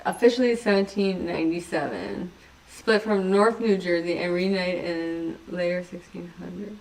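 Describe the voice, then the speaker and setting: A woman's voice: lowish voice, normal speed, a little mellow, recorded from a distance, a little hiss or hum. A woman hosting a casual livestream chat, rambling from topic to topic, giggling often and poking fun at herself. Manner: giggly, rambling, self-mocking. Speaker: livestream host.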